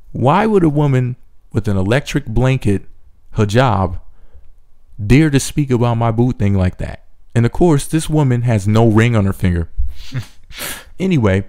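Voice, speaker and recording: Brief: male recap commentator, snarky and sarcastic, mellow dark tone. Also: mid-range voice. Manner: sarcastic, mocking asides.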